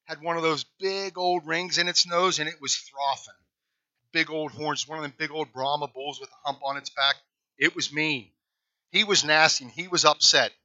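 A man's voice: fairly high pitch, steady tone, normal speed, pushed and bright, no room sound, muffled recording. A male pastor telling a folksy story in a conversational sermon.

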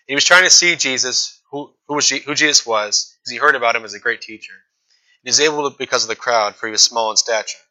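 A young man delivers a sermon in a relaxed, talky way, mixing scripture reading with casual asides. His voice is strikingly bright and forward, with a pitch sitting right in the middle for a man. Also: poor audio. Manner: casual, conversational preaching with fillers and acted asides. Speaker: preacher.

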